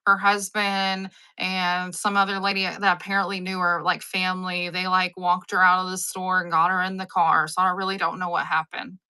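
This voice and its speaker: A woman's voice: fairly low pitch, moderate pace, few pauses, clear, resonant tone. A woman, hosting a live stream and chatting with viewers, rambling through stories and acting out the people in them. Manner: rambling, animated storyteller who acts out the people in her stories. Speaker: live-sale stream host. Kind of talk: casual chat with live viewers.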